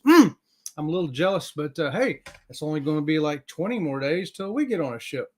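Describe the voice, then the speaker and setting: An energetic man chats casually on a livestream. His voice sits high for a man, and he keeps things upbeat and friendly as he hypes up his viewers. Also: a little fast. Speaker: livestream host.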